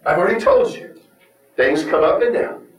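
A man's voice: high voice, animated, moderate pace. A man preaching a sermon in an earnest, conversational teaching manner, often repeating words and asking rhetorical questions. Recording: echoey room, mic far off.

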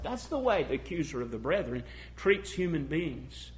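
A male preacher with a somewhat high voice delivers a sermon with passion. He builds to loud, emphatic declarations, then drops to a hushed, intimate tone, and keeps asking his listeners questions. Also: very animated, normal speed, hardly any pauses, slight background noise. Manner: asks the congregation rhetorical questions.

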